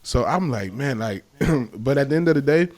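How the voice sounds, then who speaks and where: A young man hosting a casual chat, telling family stories with animated bursts and mimicked calls. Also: medium pitch, moderate pace. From American South. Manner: animated storyteller, mimics relatives' shouts. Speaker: host.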